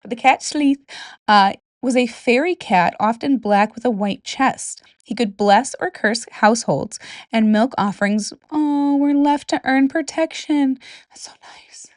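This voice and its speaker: A young woman from Michigan, with a Michigan accent, hosts a casual solo podcast about folklore from her bedroom, chatting, joking and dropping whispered asides. Her voice is a little high and a little slow, recorded at studio quality with no echo.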